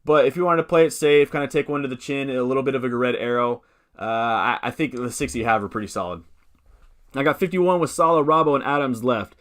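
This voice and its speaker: A man's voice: mid-range voice, brisk, a bit bright. A man hosting a fantasy football live stream, answering chat questions in a rambling, upbeat way that keeps correcting itself.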